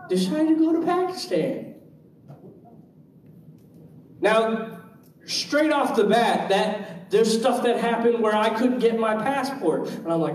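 High-voiced animated male minister. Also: slight background noise. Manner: animated, acts out quoted voices. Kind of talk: storytelling testimony. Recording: echoey room, distant mic.

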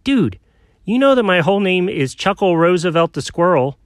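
A man's voice: sits high, big pitch swings, moderate pace, slight background noise. A man voicing a touchy, secretive male squirrel who talks in a pushy, defensive way in a homemade comedy skit. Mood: embarrassed.

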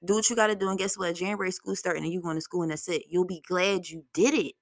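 A young woman hosts her own podcast in a blunt, profane, lively storytelling style. Her voice sits fairly low and has a gravelly fry. The sound is dry and close to the mic, with no room echo. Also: quick pace. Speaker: podcast host. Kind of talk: solo podcast talk.

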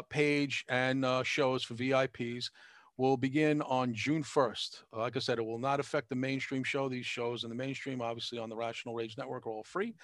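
A man's voice: medium pitch, fairly bright tone, no room sound, clean studio sound. A man hosting a podcast, rambling through plugs with lots of fillers in a casual chat. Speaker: podcast host.

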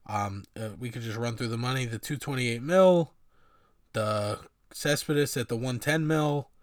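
A man's voice: mid-range voice, unhurried, dry recording, clean studio sound. A man giving a casual, rambling sports opinion monologue with many fillers and sardonic asides. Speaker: sports commentator.

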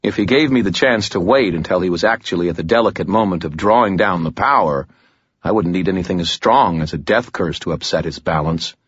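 A man narrating a fantasy audiobook in the first person, with tense, measured storytelling. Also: low-pitched, husky, dry recording, dull audio.

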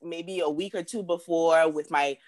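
A woman from the Bahamas, a guest telling a personal story in casual chat, lively and repeating words as she acts out what people said. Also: low voice, moderate pace.

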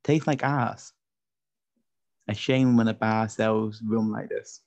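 In dull, lo-fi podcast audio, a male host with a lisp keeps things casual, joking and frequently stumbling over his words. He speaks slowly in a lowish, steady voice with a darkish tone.

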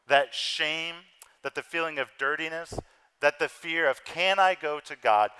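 A man's voice: mid-range voice, smooth, rough recording. Earnest male pastor preaching a sermon. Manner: earnest preaching with wide swings in loudness and pace.

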